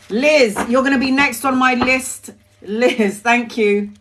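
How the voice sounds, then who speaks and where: A woman's voice: on the high side, takes it slowly, noisy background. A woman giving live tarot readings to viewers, chatty and emotional, calling people by name and laughing easily. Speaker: tarot reader.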